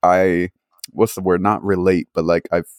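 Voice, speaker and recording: A young man hosting a podcast, telling a story in casual, profanity-heavy chat with animated rants. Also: low voice, moderate pace, no echo, clean studio sound. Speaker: podcast host.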